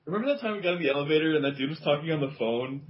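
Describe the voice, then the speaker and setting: Man, fairly high voice, very lively pitch, casual podcast anecdote, lo-fi sound. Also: rapid-fire, over a noisy crowd. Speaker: podcast co-host. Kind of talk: casual chat. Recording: dull lo-fi sound.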